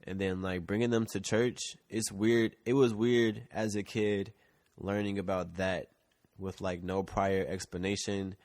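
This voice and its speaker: A man's voice: sits low, flat delivery, measured pace, a little mellow, dry recording. A man co-hosting a podcast in loose casual chat, rambling with lots of "like" and the odd swear word. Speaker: podcast co-host. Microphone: shared mic.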